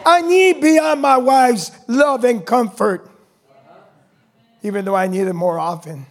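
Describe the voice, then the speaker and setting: A man preaching a sermon to his church, building to shouted calls and answered by the congregation. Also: very high-pitched, measured pace. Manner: rising to shouted preaching, call-and-response with congregation. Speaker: pastor.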